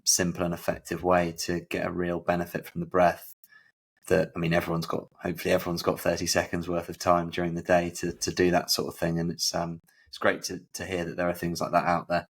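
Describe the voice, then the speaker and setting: A man co-hosting a podcast speaks in a very deep, gravelly voice. His delivery is extremely flat and relaxed, with hesitant pauses. He hardly varies his pitch at all. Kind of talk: casual conversation.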